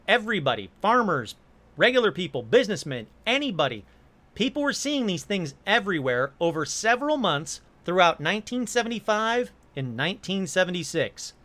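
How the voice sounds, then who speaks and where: An animated man with a high, bright voice that leaps all over its range. He tells stories casually, breaking off for jokey asides and quick apologies. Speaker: host. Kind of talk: casual storytelling monologue.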